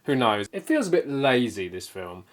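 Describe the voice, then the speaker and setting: A man's voice: mid-range voice, big pitch swings, normal speed. A man co-hosting a casual film review chat, rambling with many restarts and fillers. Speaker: film podcast co-host.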